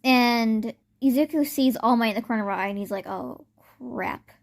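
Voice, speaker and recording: A woman's voice: on the high side, fast. Rambling young woman telling a story. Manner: rambling with many fillers. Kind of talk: casual spoken fan story.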